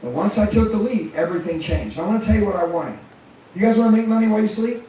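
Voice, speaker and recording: Brief: high-voiced male motivational speaker, intense and profane, heavy room echo. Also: fast talker, warm tone, slight background noise. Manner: intense, profane, fires rhetorical questions at the crowd. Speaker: motivational speaker and sales trainer. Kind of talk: motivational speech to a live audience. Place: room with a live audience. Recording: very echoey room, mic far off.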